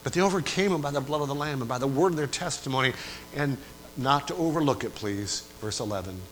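A man preaching a sermon in a church, swinging between quiet asides and loud rising climaxes, and putting repeated questions to the congregation. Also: mid-range voice, fast, slight background noise, poor audio.

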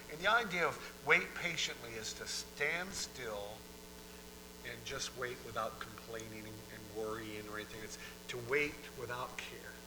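A man preaching a sermon in a conversational style, moving between hushed and emphatic delivery and often repeating himself. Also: mid-range voice, measured pace, noisy background. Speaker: pastor.

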